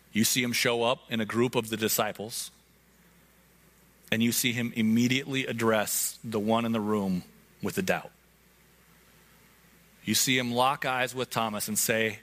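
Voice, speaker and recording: A man's voice: mid-range voice, steady tone, a little slow, long pauses, fairly bright tone. Earnest man preaching a sermon. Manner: earnest, conversational preaching with direct address. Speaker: pastor. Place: church hall before a congregation.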